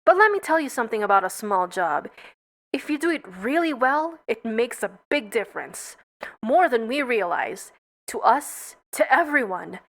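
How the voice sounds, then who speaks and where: A woman voicing an earnest young male bee giving a rousing speech, in a high, lively voice. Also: normal speed.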